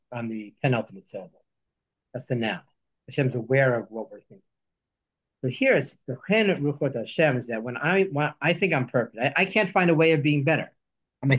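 Guy teaching a text lesson, reads verses slow then explains, kinda muffled recording. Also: medium pitch, slightly rough. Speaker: Torah teacher.

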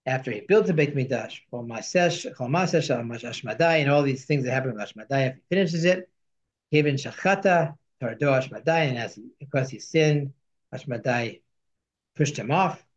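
A man's voice: mid-range voice, moderate pace, dull audio. A man teaching a class, reading Hebrew and Aramaic quotes aloud and translating each line as he goes. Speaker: Torah teacher. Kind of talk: text study lesson.

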